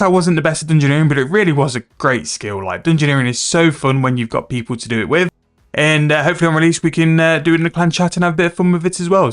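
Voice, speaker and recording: A man's voice: on the high side, fairly bright tone, clear, resonant tone. A man chatting casually and rambling about his game progress as a gaming video host. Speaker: gaming YouTuber.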